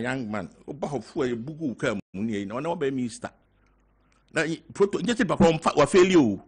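Older man, Ghanaian accent, halting speech, mixes local words, talk show guest. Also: mid-range voice, animated, husky. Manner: halting, mixing in local words, growing loud when telling a story. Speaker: guest party member. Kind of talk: casual talk show interview.

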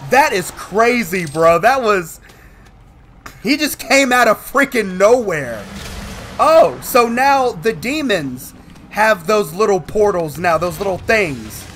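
A man's voice: high-pitched, big pitch swings, takes it slowly, a bit bright, soft background music. A man hosting a let's-play, trash-talking and whooping at enemies. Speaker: gaming video host.

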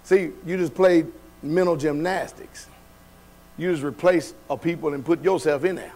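A male pastor gives a sermon in a church sanctuary, his high-pitched voice measured and frequently pausing, on a low-quality recording. He addresses questions to the congregation in casual, colloquial speech, laughs at his own comments, and shifts from loud to quiet.

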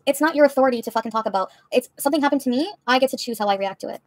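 A woman's voice: high voice, very fast, dry recording. A woman livestreamer answering her chat in a heated, profane, confrontational rant.

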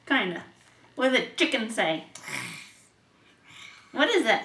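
A woman reading picture books aloud to a toddler, asking patient questions in a slow, playful way. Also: fairly high pitch, very animated, sharp tone. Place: home room. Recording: roomy home video from a distance.

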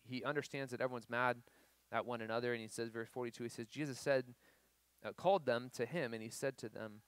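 A young man preaching a casual youth sermon, animated, with many fillers and acted-out quotes. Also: medium pitch, no echo. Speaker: youth pastor. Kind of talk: sermon to students.

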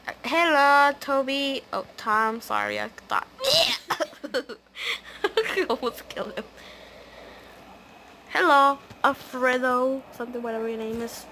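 Woman gaming host, let's-play commentary; unhurried but animated, higher register, excitable. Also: slight background noise. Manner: excitable, chatty, gasps and squeals.

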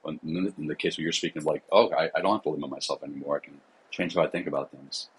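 A man's voice: a bass voice, fairly even intonation, fast talker, breathy edge, rough recording. A man, a psychotherapist and coach, talking casually in a podcast interview, with many fillers.

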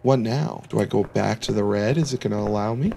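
A man's voice: on the low side, brisk, creaky, warm tone, a little hiss or hum. A man commentating a horror game as he plays, jokey, reacting aloud and laughing often. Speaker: gaming YouTuber.

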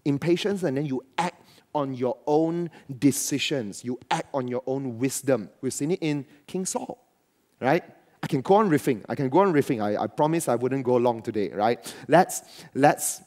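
A man's voice: mid-range voice, darkish tone. A man preaching a sermon to his church as pastor, riffing with asides and quoted voices.

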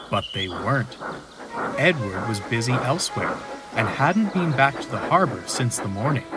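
A man narrating a storybook in an expressive, animated way. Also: mid-range voice, moderate pace, loud music behind the voice.

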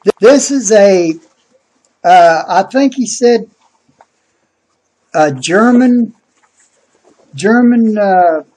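A man talking casually into a webcam about a package, hesitant, with many pauses and restarts. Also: sits high, animated, darkish tone. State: out of breath. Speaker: vlogger. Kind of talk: casual unboxing vlog.

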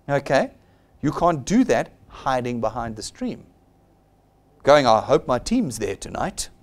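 A middle-aged man drives a business seminar with emphatic exhortation. His voice sits slightly high for a man and leaps around in pitch as he presses each point. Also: a little mellow. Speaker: seminar presenter for his company. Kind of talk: motivational seminar talk.

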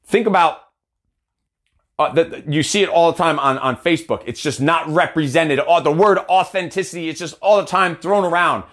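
A man's voice: fairly high pitch, normal speed, a bit bright. A man giving a blunt, heavily cursing motivational talk as an accountability coach. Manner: blunt, heavy cursing, fired-up.

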